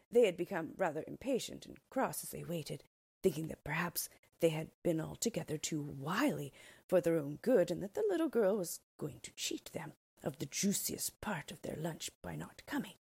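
A woman narrating a storybook read-aloud expressively, dipping into soft whispers. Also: on the low side, sing-song, normal speed, gravelly, breathy edge, dry recording.

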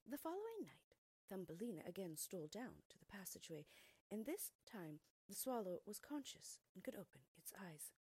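A woman reads a fairy tale aloud in a husky, mellow voice, often sinking into a soft near-whisper. Her pitch swings widely and expressively. The recording is close and dry. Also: big pitch swings, moderate pace, no echo. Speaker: storyteller.

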